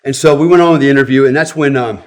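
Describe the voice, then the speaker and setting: A man's voice: medium pitch, rapid-fire. A middle-aged man, a former special operations soldier, telling blunt, profane stories as a podcast guest and chuckling often. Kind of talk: casual storytelling in a podcast interview.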